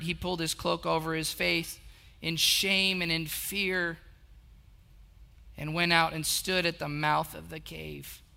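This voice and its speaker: A middle-aged man preaching with a high, strikingly bright voice. He builds up in short, repeated urgings, then drops to a hushed, slow closeness. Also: creaky, clean tone. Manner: swings from rising exhortation to hushed, slow intimacy. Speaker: pastor. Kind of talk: sermon.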